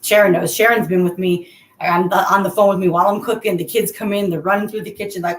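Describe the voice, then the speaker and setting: A chatty middle-aged woman talks to her viewers in a casual live stream from home. Her voice sits a little low, and the room around her echoes. She laughs easily and calls people by name. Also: steady tone, fast talker.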